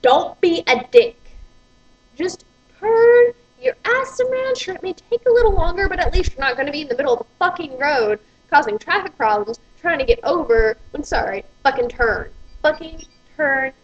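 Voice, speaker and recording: A woman's voice: sits high, expressive, moderate pace, highs cut off. A woman, ranting profanely and with exasperation in a vlog. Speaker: vlogger.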